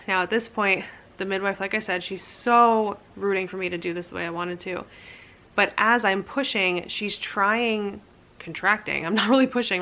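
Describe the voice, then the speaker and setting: A woman's voice: mid-range voice, pushed and bright. A young woman casually telling her birth story to camera, candid and chatty, full of "like" fillers and self-mocking laughs.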